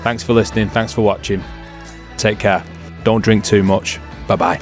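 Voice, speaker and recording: A man's voice: fairly low pitch, steady tone, normal speed, faint music behind. A man hosting a podcast in casual chat, friendly as he wraps up and thanks his guests. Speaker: podcast host.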